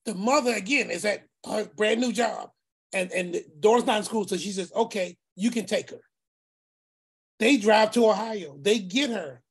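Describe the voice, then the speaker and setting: A man tells a long family story, acting out the people in it and repeating words for effect. His voice is somewhat breathy and husky. At times his tone turns preacherly. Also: sits high, normal speed. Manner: animated, acts out voices, repeats phrases; preacherly, speaks of faith. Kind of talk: casual storytelling.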